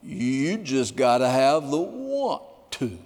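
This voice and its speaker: A man voicing an elderly preacher who speaks in slow, halting, drawn-out words. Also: big pitch swings, darkish tone, in a large hall, heavily acted. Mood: earnest. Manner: drawn-out, strained, high-pitched words.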